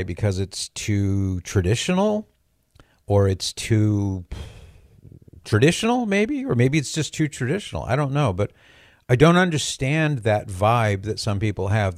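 An older man hosts a call-in radio show with a low voice. He talks in a chatty, joking way with a lightly sarcastic edge. The studio sound is dry and close. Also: no room sound. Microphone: studio microphone.

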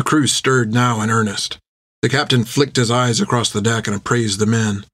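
A man reading a story aloud in steady, even narration on a close microphone. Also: mid-range voice, normal speed, no echo. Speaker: audiobook narrator.

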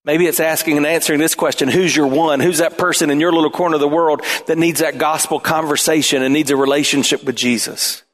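A man pastor preaching a sermon in an animated way, his voice climbing toward near shouts at times. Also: fairly high pitch, fast talker, few pauses.

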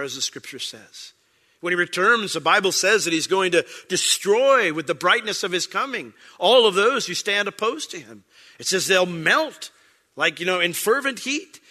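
A man's voice: sits high, bright, forceful tone. A man preaching a sermon as pastor, conversational and emphatic.

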